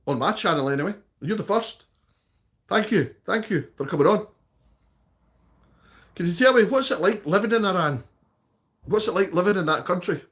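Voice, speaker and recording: A man's voice: high-pitched, a bit bright. A Scottish man chatting casually on a live stream, reading out viewer comments and answering them. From Scotland.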